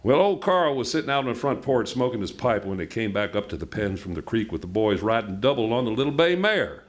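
A man reading a novel aloud at a book event in an unhurried, plainspoken way. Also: lowish voice, very animated. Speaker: reader.

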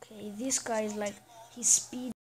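A woman's voice: mid-range voice, level tone, normal speed, a little mellow, slight background noise, poor audio. A woman giving casual commentary over a soccer video game, chatting and reacting aloud to each play. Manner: chatty, reacts aloud to plays, often trails off. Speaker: gaming channel host.

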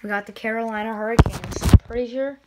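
A woman hockey video creator giving excited spin-the-wheel commentary with indignant outbursts. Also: on the high side, quick pace, very noisy.

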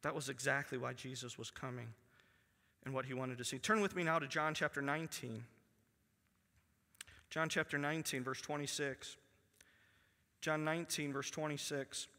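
A pastor preaching a sermon to his congregation. He reads scripture aloud and drops to a hushed voice for emphasis. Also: medium pitch, fairly even intonation, normal speed, long pauses. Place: church sanctuary. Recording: long church hall reverb.

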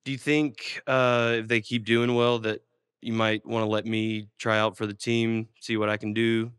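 A male host with a lowish, smooth voice asking offbeat interview questions in a deadpan, awkward way. The recording is close and dry, with no echo. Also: moderate pace.

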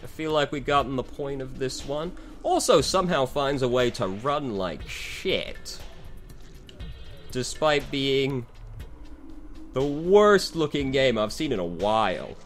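A man's voice: medium pitch, animated, slow pace, fairly bright tone, faint music behind. A man giving dry, sarcastic commentary over a game he dislikes, swearing freely. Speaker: game reviewer.

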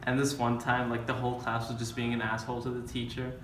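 A young man tells a school story to his friends from some distance away from the mic. The room echoes and there is clear background noise. His talk is loose and casual. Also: medium pitch, completely flat delivery, fast talker. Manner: casual, laughing, uses "like".

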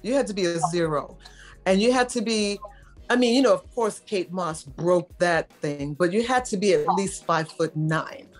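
A middle-aged model from New York tells stories in a casual interview, using a lowish voice at a moderate pace while faint music plays behind her. She's an animated storyteller who acts out the voices she quotes.

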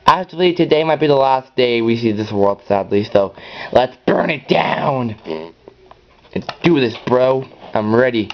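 A man rambles through casual commentary on his own gameplay channel in a mid-pitched voice, pacing a little slowly. When excited he jumps into high yells. The recording is dull and lo-fi, with slight background noise.

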